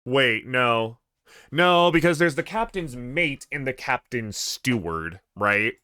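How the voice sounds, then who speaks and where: A man's voice: mid-range voice, bright, forceful tone, smooth, no room sound. A man streaming a game, thinking aloud in a hesitant, musing way. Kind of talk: casual gameplay commentary.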